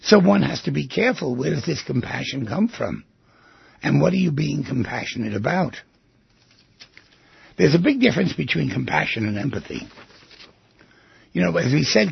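A man with a heavily gravelly, husky voice hosts a reflective radio talk, musing and asking question after question. His pitch rises and falls a lot. The sound is dry and a little dull. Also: lively intonation, moderate pace, no echo. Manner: musing, asks many rhetorical questions. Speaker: radio show host. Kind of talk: reflective monologue on psychology.

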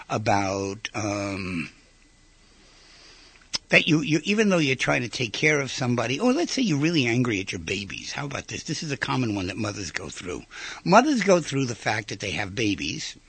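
A man's voice: medium pitch, vocal fry, a bit bright, breathy edge, no room sound. A man giving an informal lecture in a conversational way, firing rhetorical questions at his listeners and briefly acting out quoted voices. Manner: acts out short quoted voices. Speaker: speaker giving a talk.

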